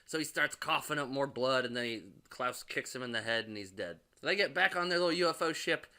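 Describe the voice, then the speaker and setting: A man's voice: medium pitch, bright, forceful tone, clear, resonant tone. A man giving a casual, sarcastic, rambling recap of a movie, full of fillers like "like" and "or whatever". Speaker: movie reviewer.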